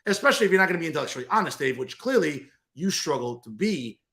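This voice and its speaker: A man's voice: on the high side, sing-song, fast talker, vocal fry, bright, forceful tone. A man hosting a political talk show, ranting in a combative, sarcastic way that keeps repeating itself. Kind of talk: political commentary rant.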